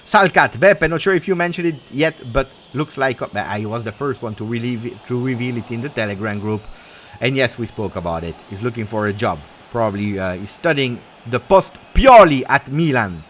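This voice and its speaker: Excitable middle-aged man calling football live. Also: medium pitch, moderate pace. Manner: excitable play-by-play, peppered with Italian cheers, reads viewer comments. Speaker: live match watch-along host. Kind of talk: live football commentary and chat reaction.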